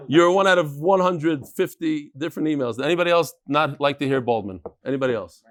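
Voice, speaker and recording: A man teaching a daily Talmud class to a live group in a study hall. He talks in an animated, joking way and walks through a chart. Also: fairly high pitch, a little fast. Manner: animated, joking, explains with a chart and laser pointer.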